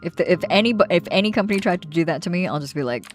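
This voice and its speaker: Woman streamer, playful and chatty, lively swooping pitch, music playing behind her. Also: rapid-fire, few pauses. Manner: chatty and playful, reads aloud then jokes. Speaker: streamer and artist. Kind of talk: casual livestream chat while drawing. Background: background music.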